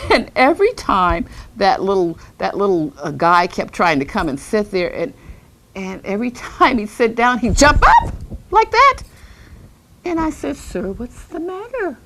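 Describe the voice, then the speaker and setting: A dotty, rambling eccentric lady, played by a woman in a comedic monologue, losing her thread and scolding invisible companions. Her mid-height voice swings widely in pitch, bouncing from low asides to high exclamations. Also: measured pace, slight background noise. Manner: lively, swooping pitch. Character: eccentric rambling older lady who sees ghosts.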